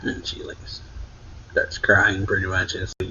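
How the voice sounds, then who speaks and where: A man's voice: sits low, monotone, moderate pace, pushed and bright, slight background noise. A man hosting an anime reaction show, casually retelling a story with lots of "like", in a dull lo-fi recording. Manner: loose retelling full of "like". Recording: dull lo-fi sound.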